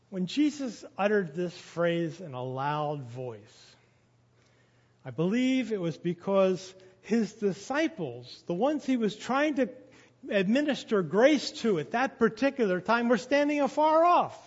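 A man preaching a sermon, going from quiet to loud when he quotes scripture. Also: high-pitched, expressive, measured pace. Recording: dull sound with long reverb of a hall.

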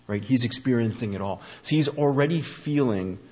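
A man preaching a conversational sermon, telling the story with animated, acted-out speech. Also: mid-range voice, normal speed, breathy edge. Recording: dull lo-fi recording.

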